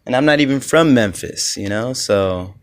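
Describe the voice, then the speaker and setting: A man's voice: medium pitch, animated, normal speed. A man from Los Angeles hosting a casual solo podcast, rambling loosely with lots of "you know"s. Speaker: podcast host.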